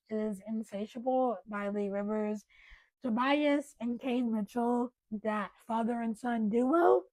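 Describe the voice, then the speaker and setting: A young woman chatting casually on her book vlog, gushing and excitable with bursts of loud enthusiasm. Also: on the high side, dry recording, low-quality recording. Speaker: book vlogger. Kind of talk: casual chat.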